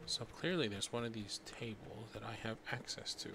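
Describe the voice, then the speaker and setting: A man's voice: on the low side, normal speed, gravelly, loud music behind the voice. Playful man streaming a game. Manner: playful, chats with viewers, muttered asides. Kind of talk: casual gameplay commentary. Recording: noisy stream recording.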